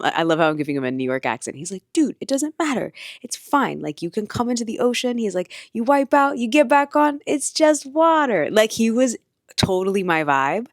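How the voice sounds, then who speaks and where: Low-voiced chatty woman vlogger. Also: dry recording, clean studio sound. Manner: chatty, animated, full of fillers. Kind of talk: casual storytelling to camera.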